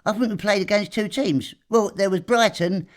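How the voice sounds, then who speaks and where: A man voicing a dour, gravelly male football manager in an animated comedy, with a slow, dry delivery. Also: high-pitched, lightly acted. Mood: deadpan.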